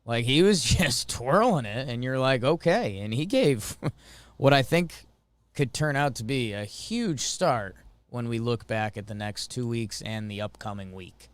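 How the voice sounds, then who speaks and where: A man's voice: medium pitch, a little slow, smooth, no echo. A man co-hosting a sports podcast, casually chatting about a baseball game in a laid-back way. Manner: laid-back, shifts to excited broadcaster voice for game recaps. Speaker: podcast co-host. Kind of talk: casual sports chat and mock play-by-play.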